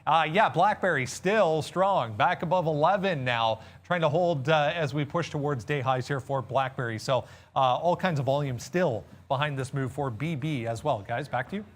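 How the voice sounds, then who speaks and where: Man giving a measured market recap. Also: fairly high pitch. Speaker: market analyst co-host.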